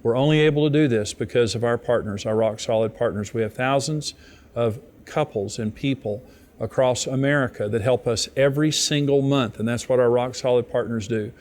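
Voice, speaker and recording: A ministry host, a man of mid pitch, speaks straight to viewers. His tone is earnest and conversational, a plain appeal delivered without fuss. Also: a little fast, darkish tone.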